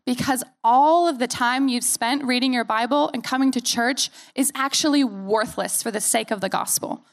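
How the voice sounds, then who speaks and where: A young American woman pastor preaching a sermon in an earnest, animated way with playful asides; her accent has softened after years in Australia. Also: fairly high pitch, moderate pace. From United States.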